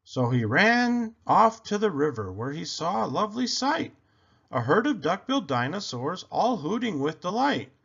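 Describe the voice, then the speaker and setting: A man reading a children's picture book aloud with slow, animated storytelling. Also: sits high, gravelly, breathy edge, highs cut off.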